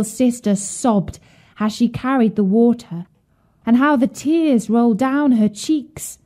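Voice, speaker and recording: A woman narrating a children's fairy tale in an expressive storytelling voice. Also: a little high, takes it slowly.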